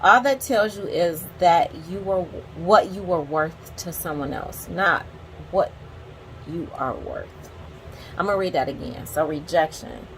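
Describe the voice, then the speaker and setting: Forties woman on her vlog, lowish voice, reading quotes n chatting super candid to viewers. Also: a little slow, a bit bright, a little hiss or hum, rough recording. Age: 40s. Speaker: teacher and book vlogger.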